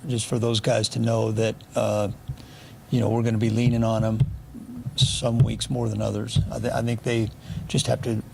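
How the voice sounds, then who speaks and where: A man's voice: fairly low pitch, level tone, normal speed, creaky, a little mellow, a little hiss or hum. A middle-aged man, a football coach, answering reporters' questions at a press conference in a blunt, dry way. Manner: blunt, dry, with sarcastic humor. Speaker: football offensive coordinator.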